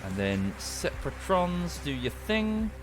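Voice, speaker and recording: A man's voice: on the high side, sing-song, slow pace. A man giving casual, dry, self-deprecating commentary while livestreaming a game, often muttering to himself. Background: game music.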